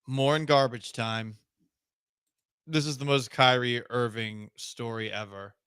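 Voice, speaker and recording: A man's voice: mid-range voice, steady tone, measured pace, a bit bright, clean tone, no echo. A man hosting a sports talk radio show in a studio, speaking in a wry, sarcastic way.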